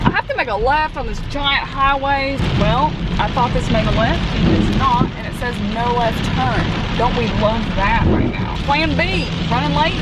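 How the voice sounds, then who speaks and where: A young woman chatting casually in a vlog, bubbly and laughing often, filmed on a handheld camera. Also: high-pitched. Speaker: vlogger. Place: car, shops and home. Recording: noisy handheld camera audio.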